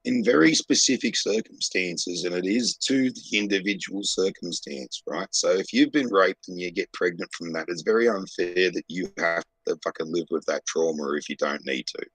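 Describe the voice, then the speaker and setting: A low-voiced Australian man with a husky, slightly rough tone, talking bluntly and swearing freely as he rambles through a story. The sound is dry and close, with no room behind him. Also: moderate pace, few pauses, fairly bright tone, no room sound, low-quality recording. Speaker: podcast co-host. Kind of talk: casual chat.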